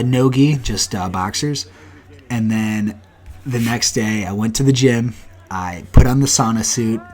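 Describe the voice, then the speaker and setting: Young male podcast host, lowish voice, blunt profane casual rant with animated asides. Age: 20s.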